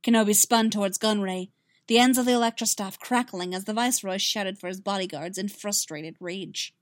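A woman's voice: mid-range voice, fairly even intonation, moderate pace, no echo. Woman reading a story, dry close sound. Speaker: reader. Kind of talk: fan fiction audiobook narration.

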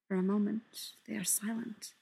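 A woman narrating a story in a soft voice that often drops to a whisper. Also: mid-range voice, level tone, normal speed, gravelly, breathy edge. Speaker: story reader.

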